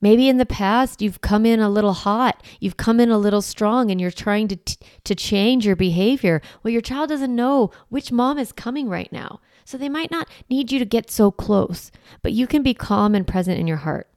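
A woman parenting coach hosting a podcast, talking earnestly and gently and explaining with everyday examples. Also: fairly high pitch, normal speed, hardly any pauses, no room sound, clean studio sound. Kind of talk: conversational advice podcast.

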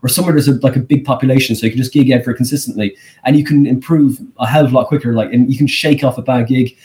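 An Irish man, a comedian and guest, telling rambling, animated stories in a casual podcast interview. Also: rapid-fire. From Ireland. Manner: animated, rambling storyteller with pitch leaps.

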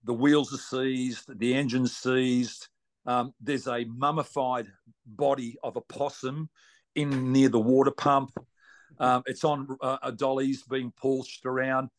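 A man's voice: mid-range voice, flat delivery, takes it slowly. A man with an Australian accent, a racing guest telling a long story in a blunt, salty, colloquial way. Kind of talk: casual storytelling.

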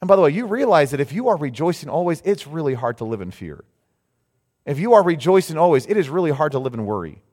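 A man preaching a sermon as pastor, lively and animated, rising into loud mock cries of alarm now and then. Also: on the high side, fast talker. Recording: long hall reverb.

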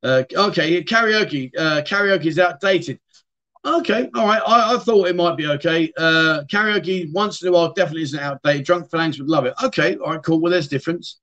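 In dull-sounding audio, a middle-aged man hosts a casual livestream, rambling and chatting as he replies to viewers. His voice is bright and forceful, on the high side, and brisk.

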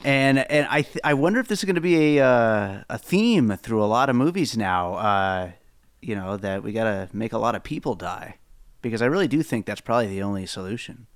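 A man co-hosting a podcast in casual chat, hesitant with many fillers and quick to laugh. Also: on the low side, lively intonation, smooth, no echo, clean studio sound. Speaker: podcast co-host.

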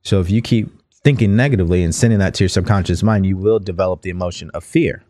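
A man hosting a motivational podcast, reading from a book and repeating key lines slowly for his listeners. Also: sits low, mellow, no room sound, studio quality. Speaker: podcast host.

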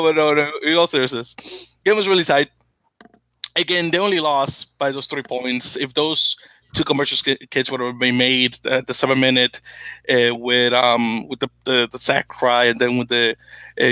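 Bright, rambling young podcast host. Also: male voice, medium pitch, no echo. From Dominican Republic. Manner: rambling, self-correcting, laughs often. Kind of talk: casual podcast chat.

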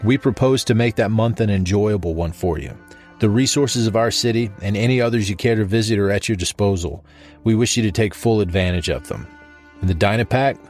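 A man reading a story, voicing a polite, calm man from the future who speaks in a courteous, reassuring way. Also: fairly low pitch, brisk, faint music behind, close to an everyday voice.

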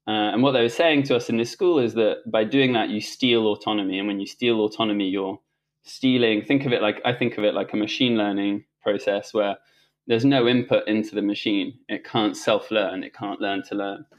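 A man's voice: lowish voice, steady tone, brisk. A middle-aged man, a guest on a talk show, telling a personal story in a loose, conversational way with many restarts and fillers. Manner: rambling, frequent restarts and fillers, laughs while telling stories. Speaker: interview guest.

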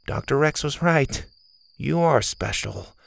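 Narrator as a kind young camp boy, earnest and friendly, a bit gravelly, storybook. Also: on the high side, animated, slow, fairly bright tone, slight background noise, voice pushed up, exaggerated voice. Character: kind gentle boy camper.

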